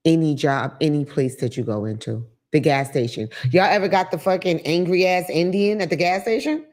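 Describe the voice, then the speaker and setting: A woman hosting a casual monologue, telling stories in a profane, animated way and acting out quotes. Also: low-pitched, fairly quick, few pauses. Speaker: host.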